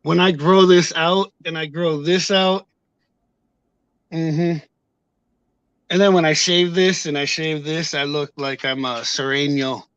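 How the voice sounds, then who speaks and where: A man casually telling a story to his viewers on camera, heated and profane, acting out shouted exchanges. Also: a little high, fairly even intonation, slow, long pauses, smooth, no echo, muffled recording. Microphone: camera mic.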